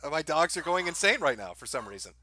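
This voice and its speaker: A sarcastic male stream host talking from home, heaping fake praise and cursing between chuckles. His voice is bright and lively and swings up and down in pitch, in a close, dry sound with no room around it. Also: fast talker, slightly rough, no echo. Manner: dry sarcastic mock praise, swears, laughs at his own jokes. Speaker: livestream host. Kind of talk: sarcastic live-stream commentary. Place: home, dogs barking nearby.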